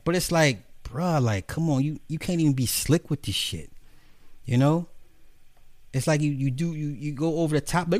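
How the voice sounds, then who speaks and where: A man delivering a profane, animated commentary rant, mocking the people he talks about. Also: moderate pace, long pauses, no room sound, clean studio sound. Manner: profane, animated, mocking, jumps into high mimicking voices. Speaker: commentary host. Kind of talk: ranting commentary monologue.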